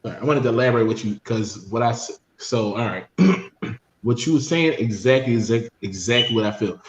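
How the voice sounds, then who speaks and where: A man in a casual group conversation who speaks haltingly and restarts his sentences. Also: mid-range voice, dull audio. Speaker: discussion participant. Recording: roomy echo with faint noise.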